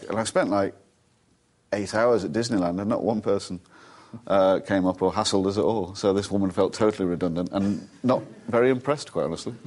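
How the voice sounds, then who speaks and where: A man's voice: on the low side, a little fast, darkish tone. A man in his forties, an actor, telling amused, self-deprecating stories as a talk show guest in a television studio.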